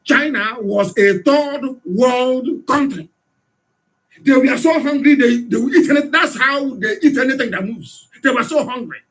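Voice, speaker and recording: Fiery, high-pitched Nigerian man. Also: moderate pace. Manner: fiery, hectoring, rhetorical questions, sometimes shouting. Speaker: radio broadcaster. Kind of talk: impassioned political radio address.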